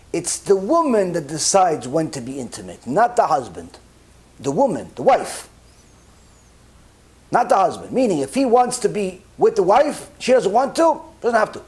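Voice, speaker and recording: A rabbi delivers a Torah sermon in an animated way, playing out both sides of conversations and sprinkling in Hebrew religious terms. His voice is high.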